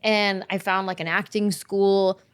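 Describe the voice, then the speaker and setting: Woman in her forties from san jose, animated storyteller, middle pitch. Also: a little slow, smooth. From San Jose, California. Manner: animated, acts out quoted voices. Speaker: comedian guest. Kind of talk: casual storytelling interview.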